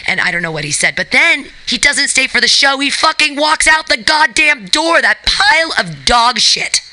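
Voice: high voice, very animated, moderate pace, pushed and bright, rough recording. A radio host and comedy organizer ranting angrily with heated, emphatic swearing. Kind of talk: profane angry rant.

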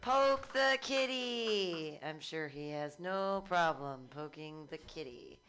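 Bright-voiced woman emcee, cheering. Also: deep voice, animated, slow pace, soft background music. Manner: cheering, hypes up the crowd. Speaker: comedy show host. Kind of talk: emceeing, introducing acts.

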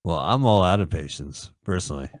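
A man's voice: low-pitched, expressive, fairly quick, no echo. A man co-hosting a casual radio podcast, cracking jokes and making sarcastic remarks about a movie. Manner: joking, sarcastic, riffs on the film. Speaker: podcast co-host. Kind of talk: casual comedic film-review chat.

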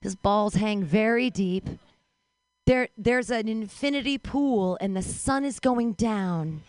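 A woman's voice: on the high side, no room sound. A woman host closing the show with a playful stand-up bit. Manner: playful, building to excited shouts. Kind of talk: stand-up set.

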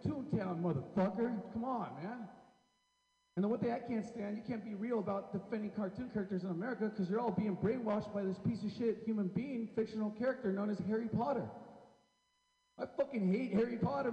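High-voiced guy doing stand-up, swears a lot, dull echoey hall sound. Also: dark tone. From Seattle area. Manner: profane, rambling, says "man" constantly. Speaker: stand-up comedian. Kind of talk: stand-up comedy set. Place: comedy club stage.

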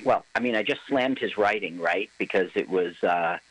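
A man's voice: fairly low pitch, normal speed, fairly bright tone, poor audio. A man co-hosting an internet radio talk show, chatting casually and rambling about movies, laughing often. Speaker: co-host.

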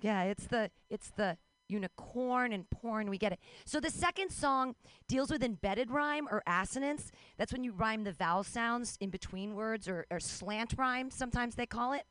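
A young adult woman doing a wry, self-mocking stand-up set out in the street, with quick asides and put-on voices. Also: on the high side, expressive, fairly bright tone, clean tone, no echo. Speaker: stand-up comic. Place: street outdoors.

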